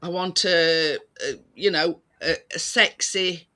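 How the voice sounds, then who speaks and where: Slow-talking bright-voiced man chatting. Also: on the high side. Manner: rambling, many restarts and fillers, laughs easily. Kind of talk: casual chat.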